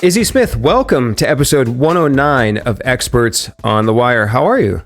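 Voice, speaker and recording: A man's voice: medium pitch, expressive, normal speed, faint music behind. A man hosting a podcast, introducing the episode and interviewing his guest in an upbeat, friendly way. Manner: upbeat, friendly, jokes about radio-announcer voice. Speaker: podcast host.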